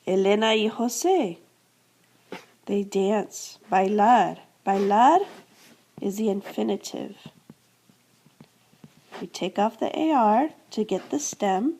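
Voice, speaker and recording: A woman from the United States works through a grammar lesson at an unhurried pace. Her voice is mellow and soft-edged, and her pitch sits in a middle range. She sets out rules patiently, asks questions and answers them herself, and repeats the endings for practice. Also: a little hiss or hum. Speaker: Spanish teacher. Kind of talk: classroom-style grammar lesson.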